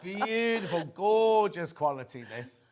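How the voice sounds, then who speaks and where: A man's voice: sits high, very animated, slow pace, a little mellow. A man with a Yorkshire accent presenting on a shopping channel, chatting enthusiastically and reading out viewer messages. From Yorkshire, England. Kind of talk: casual on-air sales chat.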